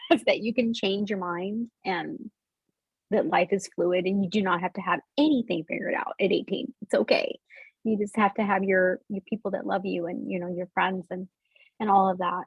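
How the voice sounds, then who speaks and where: A woman's voice: mid-range voice, slightly rough, dry recording, lo-fi sound. An author in a casual interview, a bubbly woman who laughs often and rambles as she talks over a video call. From United States. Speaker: author guest.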